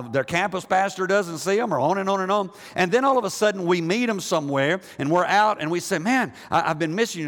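A man with a high voice preaches a sermon to his church, talking casually and often doubling his words as he goes. His voice rings with a long reverb from the church hall. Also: fairly bright tone. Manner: conversational preaching with frequent repeated words and rhetorical questions. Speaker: pastor. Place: church sanctuary.

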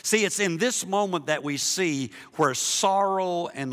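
A man preaching a sermon in a church, animated, moving from loud emphasis to hushed softness, with jokey asides to the congregation. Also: high voice, unhurried, few pauses, long reverb tail. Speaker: pastor. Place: church sanctuary.

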